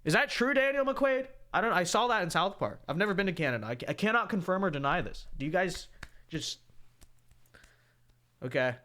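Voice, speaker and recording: Animated man giving livestream commentary. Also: high-pitched, a little fast. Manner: animated, reads out viewer donations. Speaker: commentator reacting to a debate video.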